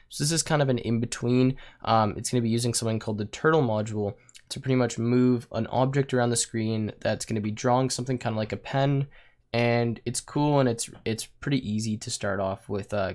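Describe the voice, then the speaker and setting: A young man with a raspy voice he says he is losing, casually walking through a coding tutorial with plenty of ums and likes. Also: medium pitch. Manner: casual, with fillers like um and like. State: losing his voice. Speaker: programming tutor. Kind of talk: screen-recorded coding tutorial.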